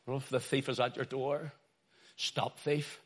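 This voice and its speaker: A middle-aged man preaching a sermon, swinging from quiet storytelling to loud urgent calls. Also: medium pitch, flat delivery, measured pace, breathy edge.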